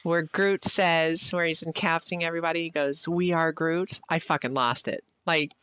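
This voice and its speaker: A woman's voice: sits low, fairly even intonation, normal speed, a bit bright, slight background noise. A woman co-hosting a podcast in casual chat, laughing often and swearing bluntly.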